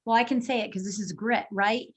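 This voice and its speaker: A woman's voice: mid-range voice, fairly even intonation, a little fast. A woman speaking as a podcast guest and coach, explaining earnestly and acting out quoted people. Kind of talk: casual interview chat.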